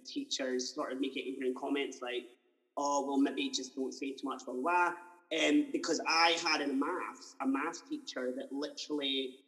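A man's voice: medium pitch, fairly bright tone, long reverb tail, low-quality recording. A man in his twenties hosting a casual chat interview, telling stories animatedly and acting out the voices of people he quotes. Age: 20s. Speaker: podcast host.

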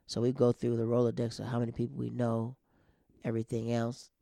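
A man's voice: medium pitch, completely flat delivery, brisk, gravelly, dark tone, no room sound, studio quality. A man casually telling a long personal story, rambling and conversational, with frequent fillers and restarts.

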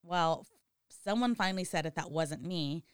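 A woman's voice: fairly low pitch, moderate pace, clear, resonant tone, dry recording, studio quality. A woman in her thirties in casual chat as a podcast co-host, crude and teasing.

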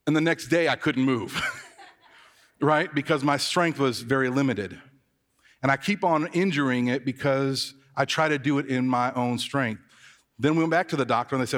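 A man's voice: on the high side, normal speed, fairly bright tone, long reverb tail. A man preaching as a pastor, telling stories in a conversational, self-mocking way. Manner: conversational, self-deprecating storytelling. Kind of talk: sermon.

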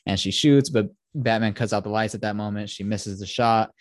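A man's voice: lowish voice, fairly even intonation, a little fast, background noise. A young man hosting a podcast, giving a rambling, profane retelling of a film plot in casual chat. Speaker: podcast host.

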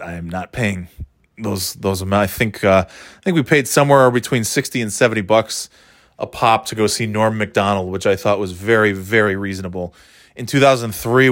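A man hosting a podcast, ranting in a casual, profane, exasperated way and mocking people in high put-on voices. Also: dry recording, studio quality. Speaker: podcast host.

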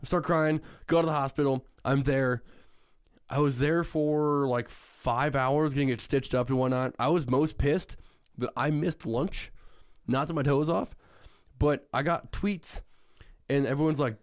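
A man's voice: mid-range voice, a little slow. A young man co-hosting a podcast, telling a story casually, swearing a lot and laughing often. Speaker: podcast co-host.

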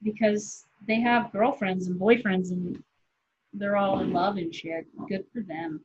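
A woman in her forties talks loosely and candidly, drifting from thought to thought and swearing without a second thought. Her voice is a little husky. The recording sounds dull and lo-fi. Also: medium pitch, fairly even intonation. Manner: rambling, candid, swears freely, quick laughs. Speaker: comedian guest. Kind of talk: casual podcast chat.

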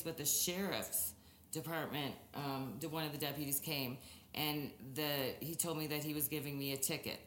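A woman in her forties tells stories on a podcast in a lively, animated way, swearing freely as she goes. Her voice sits a little low for a woman, and a roomy echo hangs around it. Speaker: podcast co-host, former principal. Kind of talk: casual podcast chat.

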